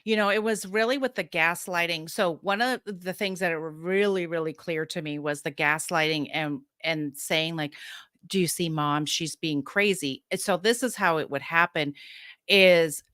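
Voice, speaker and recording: A woman in her fifties talks openly as a podcast guest, frank and emphatic, with a clear, bright tone. She breaks into quick laughs between points. The sound is close and dry, with no room around it. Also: lowish voice, no echo. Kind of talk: candid personal storytelling.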